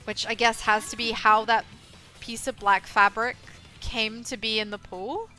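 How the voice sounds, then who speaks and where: A woman voicing an earnest teenage boy detective in an exaggerated Southwest English accent, reading game dialogue aloud with firm, deliberate delivery. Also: on the high side, steady tone, pushed and bright, faint music behind. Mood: determined.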